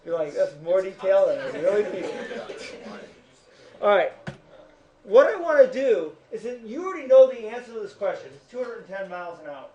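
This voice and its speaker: A man's voice: sits high, very animated, moderate pace, warm tone, highs cut off. Guy teacher lecturing his class, chatty and jokey, mic sits far off in an echoey room. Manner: chatty, jokes with students.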